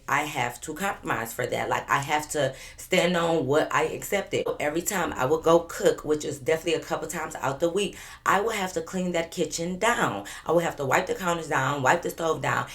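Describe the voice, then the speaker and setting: A woman's voice: sits low, a bit bright. A young woman in a casual storytime vlog, chatty and emphatic, swearing freely as she talks to her viewers. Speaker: vlogger telling a story.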